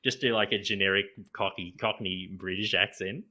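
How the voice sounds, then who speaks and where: A man's voice: on the low side, fairly even intonation, moderate pace, bright, forceful tone. A man co-hosting a podcast, casually recapping a TV episode scene by scene and laughing often as he goes. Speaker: podcast co-host.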